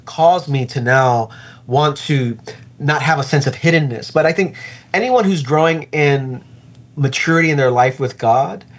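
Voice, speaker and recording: A middle-aged man, a pastor, talking reflectively and earnestly about faith in an interview, slowing down to stress his points. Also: on the high side.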